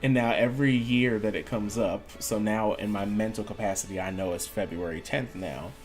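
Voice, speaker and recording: Low-voiced man telling a story over faint music. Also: normal speed. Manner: animated storyteller, acts out quoted voices. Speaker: gaming streamer. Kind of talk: casual storytelling while gaming.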